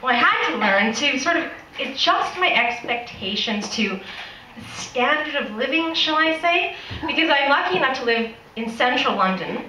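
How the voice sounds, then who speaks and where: Brief: Canadian woman, high-pitched, comic storytelling, laughing often, recorded far off in an echoey, noisy room. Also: normal speed. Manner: lively, laughs often between lines. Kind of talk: humorous personal storytelling.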